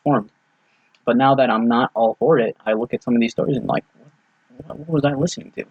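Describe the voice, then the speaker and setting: A man's voice: mid-range voice, brisk, no echo. A young man chatting casually on a podcast, telling a story with lots of swearing and quoted dialogue. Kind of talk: casual chat. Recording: dull lo-fi dry sound.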